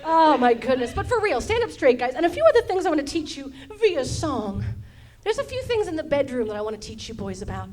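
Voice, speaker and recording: A woman's voice: sits high, very animated, brisk, darkish tone. A woman comic doing playful stand-up with songs on a club stage, laughing and acting out silly voices. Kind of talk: musical stand-up comedy. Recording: live stage recording with clear music. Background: guitar and audience laughter.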